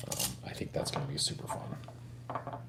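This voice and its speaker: A man's voice: unhurried, pushed and bright, slight background noise. A man co-hosting a casual hobby livestream, chatting in a laid-back, joking way and swearing now and then. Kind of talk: casual chat while working on a build.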